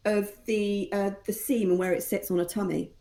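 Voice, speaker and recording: A woman chats in a casual podcast conversation. She tells self-deprecating stories about parenting. Her voice has a soft, mellow tone. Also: medium pitch, fairly even intonation, normal speed. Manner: chatty, self-deprecating storyteller. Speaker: mother and guest.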